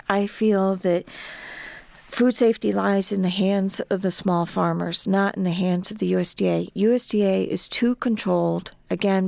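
A woman's voice: mid-range voice, creaky, a little mellow, no echo. A middle-aged woman, an author and sheep farmer, speaking earnestly as an interview guest. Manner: earnest, repeats words when upset.

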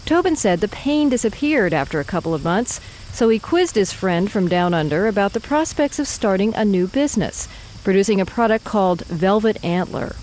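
A woman reporter reading a scripted news report in a measured, even way. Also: mid-range voice, a little hiss or hum.

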